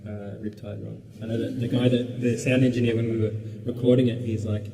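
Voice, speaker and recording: An Australian musician guest in a casual radio interview, relaxed and rambling with lots of fillers. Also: male voice, mid-range voice, a little fast, gravelly. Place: radio studio. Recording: roomy, distant mic, background noise.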